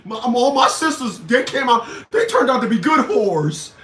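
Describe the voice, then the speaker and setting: A man hosting a livestream, ranting crudely with loud laughs and shouted outbursts. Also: very high-pitched, sing-song, normal speed. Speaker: livestream show host. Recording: echoey room, far from the mic.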